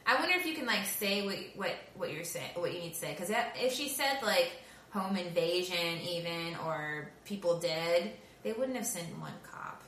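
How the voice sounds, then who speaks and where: A woman's voice: on the low side, expressive, moderate pace, a bit bright. A woman co-hosting a podcast, animatedly retelling a film plot in casual chat with frequent giggles. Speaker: podcast co-host. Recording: roomy echo with faint background noise.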